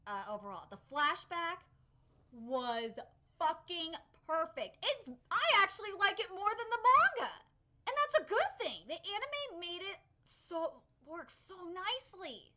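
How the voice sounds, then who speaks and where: A young woman hosting a live anime reaction, excitable and rambling, swearing freely as she comments. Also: high-pitched.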